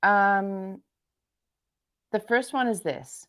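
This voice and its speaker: A woman from New Zealand, a guest entrepreneur in a casual interview, talking in a bubbly, animated way with sudden high exclamations. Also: very slow, clean tone.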